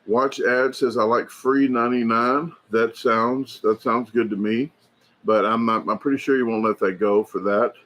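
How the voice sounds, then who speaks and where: A man hosting a casual livestream, rambling and chatty as he reads viewer comments aloud, filling pauses with lots of fillers and restarts. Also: medium pitch, steady tone, fairly bright tone. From United States. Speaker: livestream host. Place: indoors at a hobby shop.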